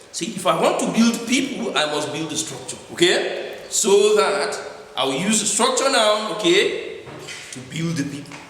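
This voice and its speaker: In an echoey church hall with long reverb and faint noise, a man preaches a sermon, checking in with his listeners after each point. His voice is high, pushed, and bright.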